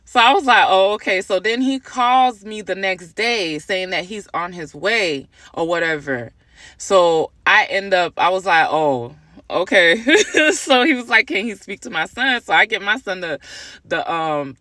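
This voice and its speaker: A mother telling an animated storytime, laughing and exasperated as she recounts a phone call. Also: mid-range voice, a little slow, no room sound. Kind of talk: storytime vlog.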